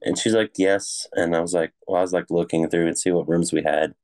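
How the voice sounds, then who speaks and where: Young man, low deep voice, laid-back, laughing a lot, casual podcast chat. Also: steady tone, a little fast, a little mellow. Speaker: podcast co-host.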